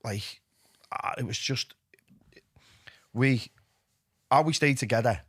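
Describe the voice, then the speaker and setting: A middle-aged man with a Liverpool accent, telling his own story as a podcast guest, lively and candid, dropping to a hush when he quotes himself. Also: mid-range voice, takes it slowly, breathy edge, dry recording, studio quality. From England. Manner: animated, drops to a hushed voice when quoting himself.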